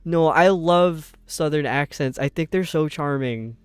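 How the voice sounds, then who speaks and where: In a dry recording, a fairly high, smooth male voice belongs to a young streamer from upstate New York with a mild New York accent, who chats aimlessly with his viewers during gameplay and laughs quickly.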